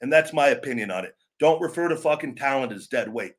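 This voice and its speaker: A fast-talking man with a medium pitch hosts a live wrestling show, tearing into online trolls in a profane, aggressive rant. Afterward he loosens up, talking things over in a rambling way and restarting his sentences.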